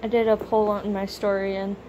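A young woman filming a casual unboxing vlog at home, gushing and a bit self-conscious, her voice slightly rough from a cold. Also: mid-range voice, little pitch movement, brisk, mellow, slight background noise, poor audio. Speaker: vlogger unboxing plush toys. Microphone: camera or phone camera.

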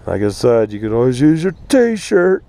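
A man's voice: medium pitch, big pitch swings, normal speed, mellow. A man ranting bluntly and profanely in a casual outdoor vlog at an RV park. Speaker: vlogger.

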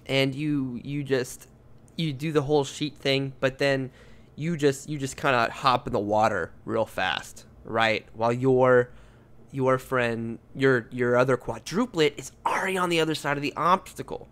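A man's voice: medium pitch, unhurried, a bit bright, clean tone. A man co-hosting a podcast in casual comedic banter, rambling and joking, often laughing. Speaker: podcast co-host.

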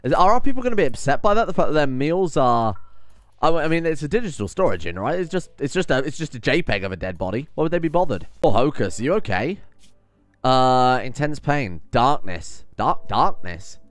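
A man giving casual let's-play commentary, often exasperated, swearing and swinging loud when things go wrong. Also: a little high, sing-song, fast, no echo, faint music behind. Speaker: gaming commentator.

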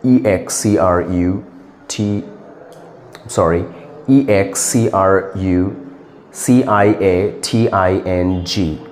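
Man as stern English teacher, very deep voice, formal, spells letter by letter, faint noise behind. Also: a little mellow, long reverb tail. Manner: formal, repeats words slowly, spells words letter by letter. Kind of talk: comedic sketch acting.

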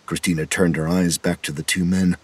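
Low, husky male horror narrator. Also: level tone, brisk, a little mellow.

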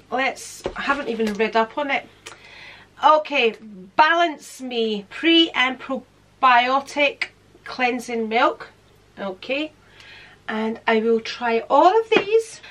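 A woman's voice: a little high, sharp tone. A woman vlogging casually to camera in her room at home, chatting, laughing often and sometimes talking with food in her mouth.

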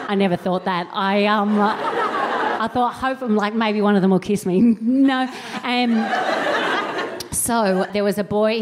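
A woman's voice: medium pitch, darkish tone, slight background noise. A woman telling a self-mocking comic story on stage, acting out the voices of the people in it. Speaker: co-host comedian. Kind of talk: live stand-up storytelling. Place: live venue with audience.

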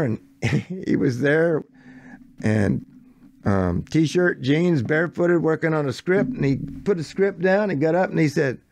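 An older American man with a gravelly, creaky voice tells a rambling story and quotes the people in it. His sound is close and dry, with no room around it. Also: fairly high pitch, dry recording. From United States. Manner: animated anecdote, quoting others in shifting voices. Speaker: songwriter guest. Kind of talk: casual storytelling.

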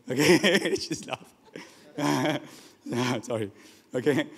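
A man preaching a sermon as pastor, animated, moving from loud exhortation to quiet asides. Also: high-pitched, normal speed. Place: church hall. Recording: long church reverb.

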